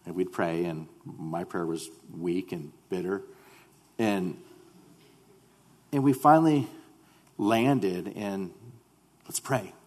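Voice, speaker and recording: A man with a very low voice recounts a testimony with earnest, animated feeling. He halts and repeats words as he goes. His voice rings with the long reverb of a large hall. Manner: halting, repeats words when starting sentences. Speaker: speaker sharing a mission testimony. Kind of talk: personal testimony to a congregation.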